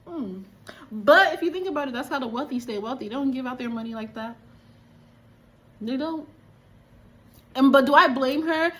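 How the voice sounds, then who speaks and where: A woman's voice: high-pitched, fairly bright tone. A woman from Liberia chatting animatedly and exclaiming as she reviews a film. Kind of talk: casual movie review.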